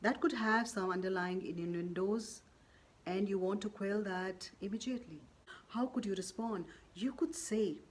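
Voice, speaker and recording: A woman's voice: mid-range voice, normal speed, husky. Firm, emphatic woman giving advice. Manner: firm and emphatic, repeating "or you could say" between examples. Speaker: presenter giving workplace advice. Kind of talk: direct-to-camera advice talk.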